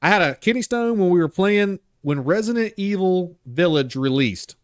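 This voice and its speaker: A man hosts a horror game live stream in a loose, rambling, joking way. His voice sits a little high for a man. The sound is dry and close. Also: expressive, normal speed, dry recording. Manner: jokey, rambling, laughs a lot. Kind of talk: casual live-stream chat.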